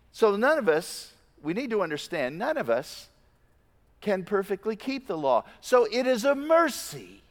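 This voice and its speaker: A man preaching a sermon as a pastor, with emphatic stresses that drop into quiet, low asides. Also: in a large hall.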